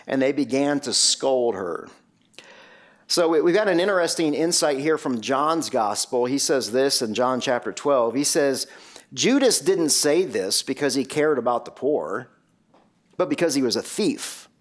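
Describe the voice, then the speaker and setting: Male preacher, slightly higher voice, expressive delivery with rhetorical questions, sermon read. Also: normal speed. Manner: animated, rhetorical questions, varied pace.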